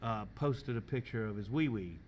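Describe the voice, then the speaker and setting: A man hosting a casual podcast, telling animated, profane stories and laughing often, recorded in a school culinary kitchen. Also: on the low side, normal speed, a little hiss or hum. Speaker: podcast host and culinary teacher.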